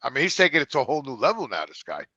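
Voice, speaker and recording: Forceful man, halting and repetitive. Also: mid-range voice, huge pitch swings, dry recording, muffled recording. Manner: halting, many repeated words and restarts. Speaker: co-host. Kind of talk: casual chat.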